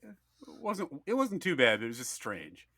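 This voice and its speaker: A man's voice: mid-range voice, wildly swooping pitch, moderate pace, bright, forceful tone, no echo. A man in his thirties co-hosting a podcast, telling a story in a rambling casual way, full of fillers and acted-out quotes. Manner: rambling, many "like"s, acts out quotes. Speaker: podcast co-host.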